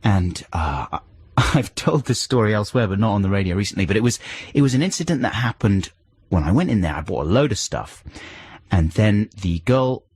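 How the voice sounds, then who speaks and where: A male radio host who talks into a studio mic in casual, rambling banter, his pitch swinging up and down in lively patterns. His voice has a slightly husky texture, and the sound is close and dry, with no room echo. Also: moderate pace. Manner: chatty and rambling. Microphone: studio microphone.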